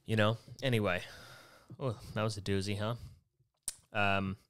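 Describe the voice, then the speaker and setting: A man's voice: fairly low pitch, steady tone, measured pace, a bit bright, clear, resonant tone. Profane, exasperated ranting man. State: worked up and tired by the end. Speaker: podcast host. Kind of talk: rambling comedic monologue.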